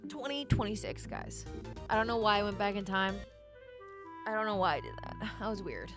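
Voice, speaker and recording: A woman's voice: mid-range voice, animated, fairly quick. Young woman, gaming vlogger, casual rambling chat to viewers over faint game music. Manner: chatty, rambling, talks to viewers. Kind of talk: casual gameplay commentary.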